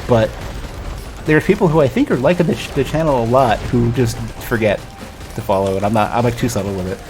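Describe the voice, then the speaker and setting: A man's voice: medium pitch, a little fast, a little mellow, soft background music. A man streaming a video game, chatting casually and rambling with many restarts. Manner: rambling, self-interrupting, lots of restarts. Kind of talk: casual gaming stream chat.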